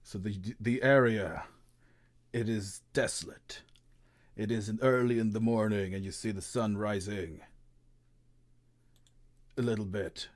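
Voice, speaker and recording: Slow, low-voiced man running a tabletop game. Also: fairly even intonation. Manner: slow, halting, with frequent restarts and laughs. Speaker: game master. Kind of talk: narrating a tabletop game over voice chat.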